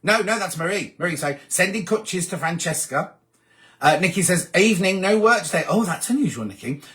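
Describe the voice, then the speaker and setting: Animated chatty man. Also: high-pitched. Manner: chatty, animated, chuckling asides. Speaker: host of a sewing livestream. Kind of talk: casual chat reading viewer comments.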